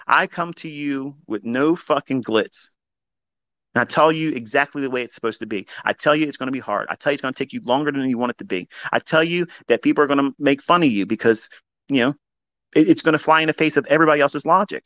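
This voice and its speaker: In a dry recording, a trading educator with a mid-range voice talks fairly quickly during a live session. He's blunt and swears heavily, alternating between loud emphatic outbursts and softer side remarks.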